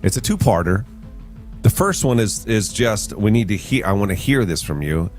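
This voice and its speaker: A man's voice: on the low side, lively intonation, normal speed, faint music behind. A man hosting a morning radio show, joking with his co-host and running a call-in quiz. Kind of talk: casual radio banter.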